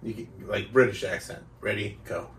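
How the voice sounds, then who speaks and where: A man's voice: lowish voice, fairly even intonation, normal speed, a bit bright. A man hosting a casual comedy podcast, teasing his co-hosts and explaining things at length. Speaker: podcast host. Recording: roomy, distant mic.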